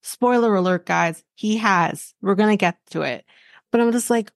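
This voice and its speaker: A woman hosts a casual podcast chat, recapping with blunt exasperation and plenty of swearing. Her voice sits at a middling pitch, and the recording is dry and close with no room sound. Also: normal speed, no echo. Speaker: podcast host.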